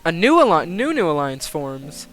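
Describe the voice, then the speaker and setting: A young man commentating a game simulation on a live stream, excitable, swearing and thinking aloud. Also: on the high side, normal speed, faint music behind.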